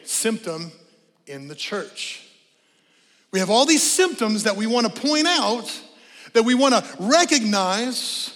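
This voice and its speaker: A middle-aged male pastor preaching with animated energy, swinging between shouted exhortation and joking asides. His voice is fairly high for a man. It carries through a large church with a long, trailing reverb. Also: slow pace. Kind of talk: sermon. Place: church sanctuary.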